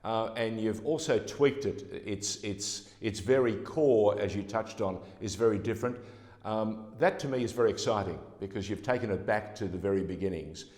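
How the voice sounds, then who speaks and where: Aussie bloke interviewing a guest, low voice, lots of uhs, roomy echoey sound. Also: male voice, moderate pace. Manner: effusive, warm praise with frequent "uh" fillers. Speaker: interviewer host. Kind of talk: conversational interview. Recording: echoey room with long reverb.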